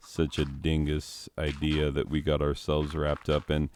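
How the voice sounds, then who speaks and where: Slow, deep-voiced rambling man. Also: completely flat delivery, darkish tone, slight background noise. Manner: rambling, goes off on history tangents; laughs at his own jokes and mocks things in silly put-on voices. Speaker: game video host; teacher. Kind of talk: casual gaming commentary.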